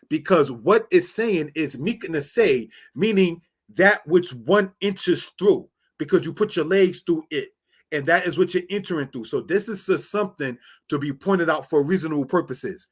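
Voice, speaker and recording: A man teaching Bible Hebrew in a slow, repetitive way, often asking "all right?" and calling listeners brothers and sisters. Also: fairly high pitch, slightly rough. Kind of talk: screen-share Hebrew lesson.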